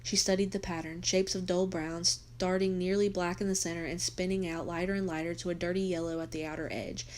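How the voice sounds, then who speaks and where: A woman, a teacher, reading a novel aloud for her students in a steady storytelling voice. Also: on the low side, brisk, hardly any pauses.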